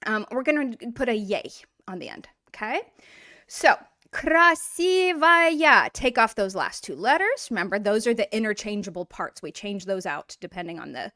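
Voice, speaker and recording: A woman teaching a language lesson in a casual, explanatory way, repeating words slowly to model pronunciation. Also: medium pitch, a bit bright, dry recording, studio quality.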